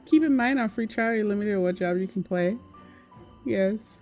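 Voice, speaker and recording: A woman's voice: mid-range voice, normal speed, mellow, faint music behind. A woman in her forties chatting casually with her stream chat while gaming, giggly and explaining things to viewers. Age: 40s. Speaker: game streamer.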